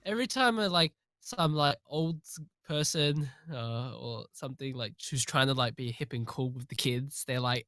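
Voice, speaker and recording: A man's voice: on the high side, normal speed, dry recording. Swearing young man ranting, dry sound. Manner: animated, swears often, rants with exasperation. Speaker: podcast co-host. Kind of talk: casual chat.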